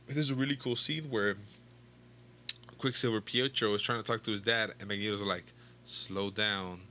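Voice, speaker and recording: A man's voice: medium pitch, steady tone, a little fast, pushed and bright, a little hiss or hum. A young man casually retelling a comic book story to a friend, rambling and swearing, full of fillers and restarts. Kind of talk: casual chat.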